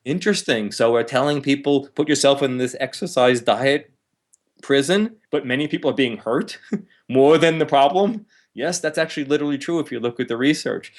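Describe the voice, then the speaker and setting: A man, a counselor, talks as an interview guest, explaining with lively energy, laughing now and then and acting out harsh inner voices. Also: mid-range voice, a little fast. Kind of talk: explanatory conversational talk.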